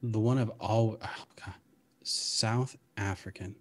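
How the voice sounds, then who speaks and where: A man's voice: fairly low pitch, fairly even intonation, takes it slowly. A man who is a guest player, talking casually with frequent restarts and hesitation. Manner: hesitant, restarts often, laughs along. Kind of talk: casual chat.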